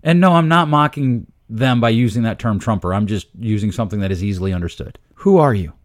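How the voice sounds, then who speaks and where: A man's voice: on the low side, quick pace. A middle-aged man hosting a podcast, talking through parenting ideas in a casual, emphatic way with self-deprecating asides. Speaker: podcast host.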